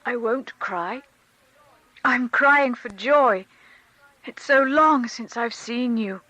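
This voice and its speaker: A woman reading aloud, voicing a loving mother who is overwhelmed with tears, in a soft, trembling voice. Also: fairly high pitch, slow, no echo, voice pushed up, exaggerated voice, poor audio. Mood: tender. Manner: soft, trembling, emotional delivery.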